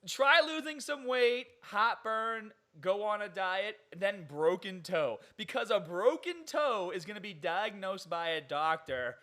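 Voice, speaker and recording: A young man hosting a podcast, talking in an animated, incredulous way and laughing often. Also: high voice, a little slow, few pauses. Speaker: podcast host. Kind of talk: casual podcast chat.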